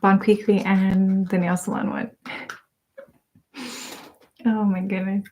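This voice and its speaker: A woman hosting an ASMR live stream in casual chat with her viewers. She is soft-spoken, often drifts into whispers and laughs a lot. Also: medium pitch, flat delivery, takes it slowly. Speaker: ASMR channel host.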